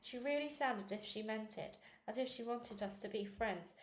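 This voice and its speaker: Woman reading a children's book aloud. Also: normal speed. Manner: reads with small slips and restarts, lifts pitch for quoted girls. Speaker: reader. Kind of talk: read-aloud book narration. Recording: echoey room with faint noise.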